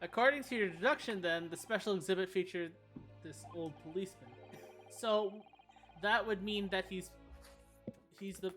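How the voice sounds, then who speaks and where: A woman's voice: mid-range voice, normal speed, pauses often, a bit bright, soft background music, lightly acted. A woman voicing an earnest young male defense lawyer in a video game, speaking in a hesitant, polite way. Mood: questioning. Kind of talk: reading game dialogue aloud.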